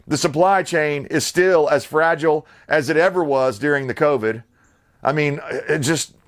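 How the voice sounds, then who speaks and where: Blunt, rambling man with a higher voice. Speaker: channel host. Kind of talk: casual to-camera commentary. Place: suburban home.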